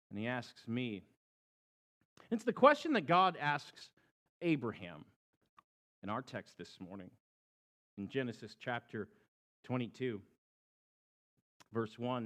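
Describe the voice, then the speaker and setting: A man's voice: medium pitch, very animated, slow, pauses often. A man preaching a sermon as pastor, telling stories and rising and falling in tone for emphasis.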